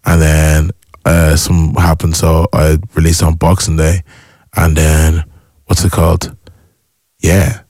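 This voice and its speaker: Very deep-voiced young Irish-born man. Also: slow, no room sound, studio quality. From Ireland. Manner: excitable storyteller who acts out past reactions. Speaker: music artist guest. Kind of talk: casual interview chat.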